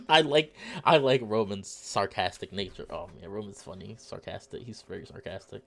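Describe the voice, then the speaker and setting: A man's voice: on the low side, moderate pace, gravelly, a bit bright. A man giving chatty, self-deprecating let's play commentary as a game streamer, laughing often.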